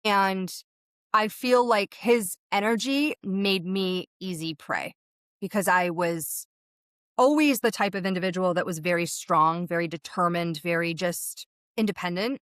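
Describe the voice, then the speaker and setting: A woman's voice: on the low side, fairly bright tone, clean tone, no room sound, studio quality. A woman who works as a medium, a guest in an interview, vividly recounting a personal experience. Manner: vivid storytelling, speeding up and slowing down with the story.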